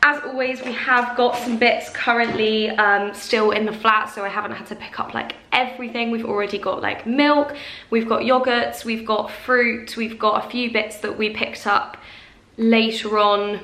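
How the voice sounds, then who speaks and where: A woman's voice: a little high, fairly even intonation, moderate pace, bright, forceful tone, roomy sound. A young woman chatting casually to camera as a vlogger, rambling with plenty of fillers. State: out of breath. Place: small flat kitchen, indoors.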